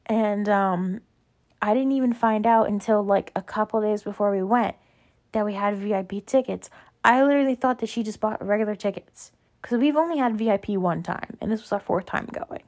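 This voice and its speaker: A young woman vlogging in a casual chat, gushing and talking quickly with lots of "like" and "literally", jumping higher and louder when she acts out quotes. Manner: gushing, chatty, fillers like "like" and "literally".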